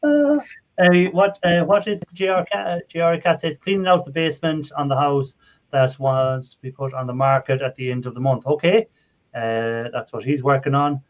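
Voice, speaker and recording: A man's voice: a little high, moderate pace. Chatty Irish man hosting a stream. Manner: rambling, friendly, laughs often. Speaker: livestream host. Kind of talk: casual live chat. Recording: dull lo-fi stream audio.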